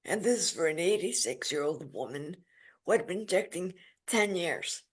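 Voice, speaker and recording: A woman in her forties, a podcast guest, telling her story in a lively, emphatic way. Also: on the low side, normal speed, husky. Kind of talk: casual interview storytelling.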